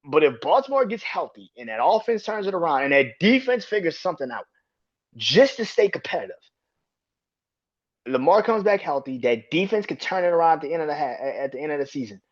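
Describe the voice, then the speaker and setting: A man hosting a casual sports podcast, swearing freely and laughing between rapid opinions. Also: on the high side. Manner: profane, animated, laughs often. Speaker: podcast host. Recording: dull lo-fi sound.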